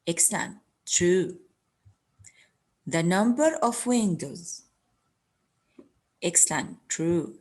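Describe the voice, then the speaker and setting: Husky-voiced teacher lady going really slow, says each word twice. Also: lowish voice, lively intonation. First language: Arabic. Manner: slow, repeats words and gives meanings. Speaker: English teacher. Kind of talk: recorded classroom lesson.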